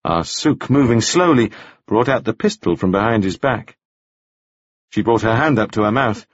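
Husky, expressive male narrator. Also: lowish voice, moderate pace, no echo, dull audio. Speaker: audiobook narrator. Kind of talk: scripted narration.

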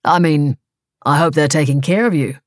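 A woman voicing a brash male talk show host with a New Zealand accent, talking loudly and eagerly. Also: on the high side, normal speed, no room sound, studio quality, lightly acted. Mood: chatty. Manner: loud, eager to please.

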